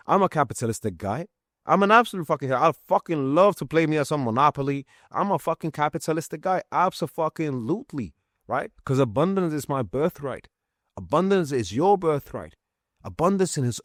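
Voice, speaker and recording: A man's voice: mid-range voice, a little mellow, no room sound, studio quality. A man talking straight to his viewers in a casual monologue, swearing freely and speaking with passion that turns prayerful. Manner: profane, impassioned, turning prayerful. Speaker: vlogger.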